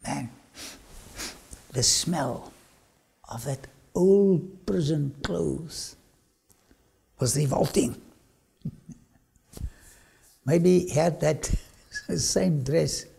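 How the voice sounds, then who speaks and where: Slow gravelly preacher, sudden whispered drops. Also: male voice, a little high, animated, dark tone. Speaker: preacher and archaeology lecturer. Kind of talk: dramatic sermon-style lecture.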